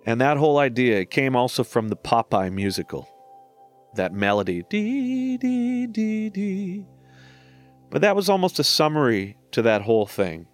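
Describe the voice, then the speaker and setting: A man's voice: lowish voice, big pitch swings, fairly quick, faint music behind. A man in his forties talking through his own songs in a reflective podcast monologue, candid and self-deprecating, with casual swearing. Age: 40s.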